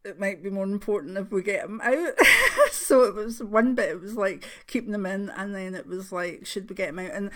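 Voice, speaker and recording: An older Scottish woman, a grandmother, chatting to her viewers in a rambling, emotional way, with soft laughs. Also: medium pitch, brisk, few pauses. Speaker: spiritual channel host. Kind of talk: casual chat to camera.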